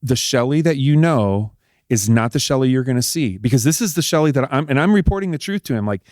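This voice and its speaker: A middle-aged man, an interview guest telling a personal story in a casual, animated way and acting out what people said. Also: mid-range voice, fast talker, dry recording, clean studio sound. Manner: animated, acts out quoted dialogue. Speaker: interview guest, husband of a politician.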